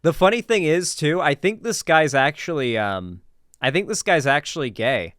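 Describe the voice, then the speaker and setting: A man's voice: on the high side, animated, normal speed, fairly bright tone, no room sound, clean studio sound. A man hosting a casual reaction commentary, rambling with lots of filler words and sarcastic asides. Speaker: commentary host.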